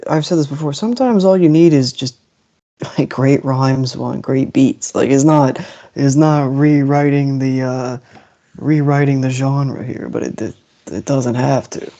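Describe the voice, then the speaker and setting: A man with a gravelly, fry-heavy voice and a dark, mellow tone chats on a music podcast. He swears casually and stalls while searching for words. The audio is slightly dull and lo-fi. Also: medium pitch, fairly even intonation, unhurried. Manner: profane, gropes for words, dismissive of pop songs.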